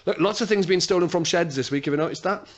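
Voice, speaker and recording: A man's voice: sits high, fast. A man hosting a casual radio chat, teasing his guest and laughing often. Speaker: radio host.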